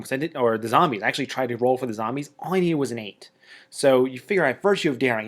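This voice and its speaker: A man narrating a tabletop wargame battle report in a casual, chatty way, with excitable jokey asides. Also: mid-range voice.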